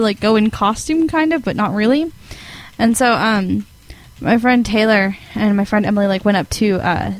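A teenage girl casually telling a long dream story, giggling and rambling, with high, lively quoted voices. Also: no room sound, poor audio.

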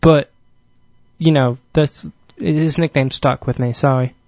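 A man's voice: medium pitch, steady tone, slow, a little mellow, dry recording. A young man hosting an internet radio show, chatting casually and rambling with fillers in a jokey put-on British accent. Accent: mock British (put on).

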